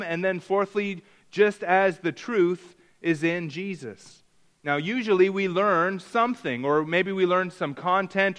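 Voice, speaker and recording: A man with a fairly high voice delivers a sermon as a pastor. He teaches step by step, leaning on key words and repeating phrases for emphasis. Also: fairly bright tone, clear, resonant tone.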